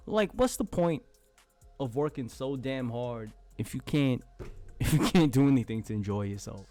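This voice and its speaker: A man's voice: mid-range voice, moderate pace, darkish tone, no room sound, soft background music. A man chatting casually with his live-stream chat as host, playful and laughing often, trying out silly voices.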